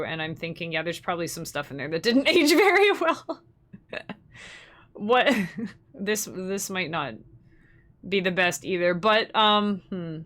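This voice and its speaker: A woman's voice: mid-range voice, pushed and bright. A young woman, hosting a livestream in casual, rambling chat and laughing often. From Canada. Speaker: livestream host.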